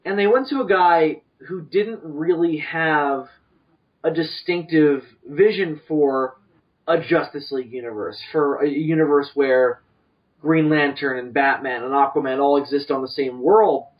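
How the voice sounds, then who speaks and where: A man co-hosting a podcast, rambling through animated opinions with lots of restarts. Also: a little high, measured pace. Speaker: podcast co-host. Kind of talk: casual chat. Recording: distant, dull lo-fi podcast mic.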